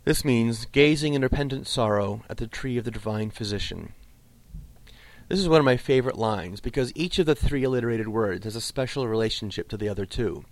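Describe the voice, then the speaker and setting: A man teaching a lesson on Old English poetry, explaining patiently and slowing right down to recite the verse. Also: mid-range voice, no echo. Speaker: literature teacher.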